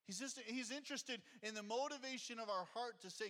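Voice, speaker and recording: A man's voice: very high voice, a little fast, few pauses, bright, forceful tone, in a large hall. A male pastor preaching a conversational sermon and reading scripture aloud, heard in a church sanctuary.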